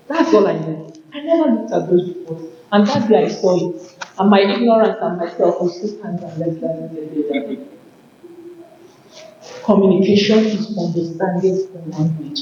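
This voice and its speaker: A woman giving an animated motivational talk at a conference, often acting out workplace exchanges. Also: mid-range voice, a little hiss or hum. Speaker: conference speaker. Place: conference hall. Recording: very echoey hall, dull sound.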